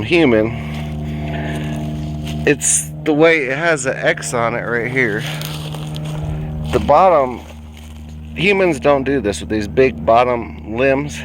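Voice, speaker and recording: A man's voice: mid-range voice, noisy background. A man vlogging while walking through the woods, rambling and musing as he points things out. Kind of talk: casual outdoor vlog. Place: woods outdoors.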